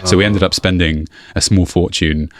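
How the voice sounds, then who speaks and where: A man as a podcast guest, telling animated stories in casual interview chat and laughing often. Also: sits low, normal speed, dry recording. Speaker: YouTuber guest.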